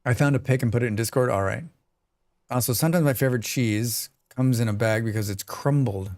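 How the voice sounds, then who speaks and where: In a slightly mellow, medium-pitched voice, a little on the fast side, a streamer chats away while gaming. He reads his viewers' messages aloud and replies to them, sneezing several times in a row.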